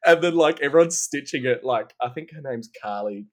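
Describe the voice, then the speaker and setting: A man's voice: mid-range voice, lively intonation, brisk. A man hosting a casual podcast interview. He rambles through lots of fillers and teases his guest playfully. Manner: rambling, heavy on fillers like "like" and "you know"; playful teasing. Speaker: podcast host.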